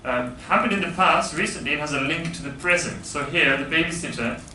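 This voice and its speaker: A man with a slightly raised voice teaches grammar to a class, patiently explaining and putting questions to the room. He is recorded from across an echoey classroom with steady noise behind him. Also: a little high, fairly quick. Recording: echoey classroom, far from mic, background noise.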